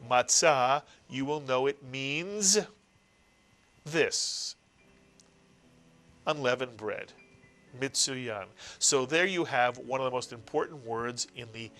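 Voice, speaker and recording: Brief: middle-aged male teacher, patient and repetitive, bright forceful voice, faint music behind. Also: medium pitch. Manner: patient, explains slowly, repeats key words. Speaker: Hebrew teacher. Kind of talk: classroom-style language lesson.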